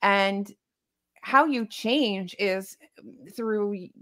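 A woman's voice: medium pitch, very slow, bright, forceful tone. A woman talks through a novel on a live book club podcast. Her voice sits in a middle register, and she muses her way through points, restarting sentences as the ideas come. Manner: thoughtful, rambling, with frequent restarts and "like".

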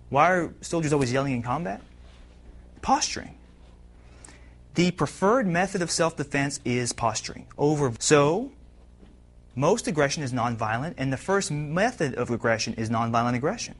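A man speaking as a guest at a university class, answering a question in a lively lecture full of rhetorical questions that he answers himself. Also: fairly high pitch. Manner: animated, asks rhetorical questions and answers them. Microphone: filmed broadcast recording.

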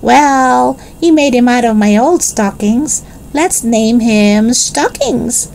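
A woman's voice: animated, gravelly, a little mellow, a little hiss or hum, heavily acted. A woman voicing a small cheerful, chatty boy in a children's storybook reading. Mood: eager, playful. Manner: high, slow childlike delivery.

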